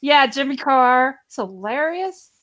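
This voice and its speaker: A woman's voice: high-pitched, lively intonation, a little slow, a bit bright, no room sound. A woman with a Texan accent, chatting and teasing on a video call. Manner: joking, teasing, laughs often. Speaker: guest. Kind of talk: casual video-call chat.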